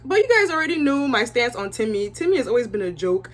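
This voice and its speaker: Young female vlogger, slightly high voice, chatty and opinionated in a casual show recap. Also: big pitch swings, fast. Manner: opinionated, chatty, lots of "like" and asides to viewers.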